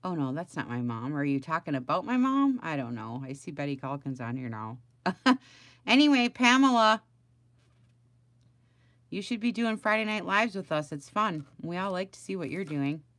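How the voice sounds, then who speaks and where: A middle-aged woman with a lowish voice chats on a crafting livestream from home, rambling along and greeting viewers by name. The sound is close and dry, with no room echo. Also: big pitch swings, normal speed, a bit bright. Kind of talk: casual livestream chat with viewers.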